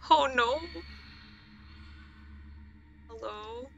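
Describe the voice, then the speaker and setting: A woman's voice: on the high side, lively intonation, normal speed, hardly any pauses, fairly bright tone, a little hiss or hum. A young woman streaming a game, giving casual commentary, jumpy and easily spooked, often laughing. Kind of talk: casual let's-play commentary.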